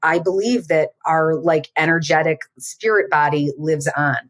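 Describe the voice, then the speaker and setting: Low-voiced earnest woman co-host. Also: unhurried, no echo. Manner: earnest, emotional, tearful at times. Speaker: podcast co-host. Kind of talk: casual chat.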